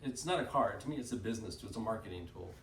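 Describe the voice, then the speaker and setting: A man giving a casual storytelling talk to a group, animated, often laughing, and acting out the people he quotes. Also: on the low side, rapid-fire. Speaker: group presenter. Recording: roomy sound from a distant mic, faint noise.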